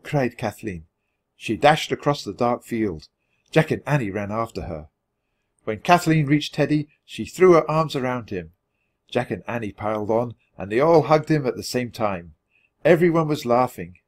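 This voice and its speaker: A man reading a children's chapter book aloud with steady, expressive narration. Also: on the low side, moderate pace. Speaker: storybook reader.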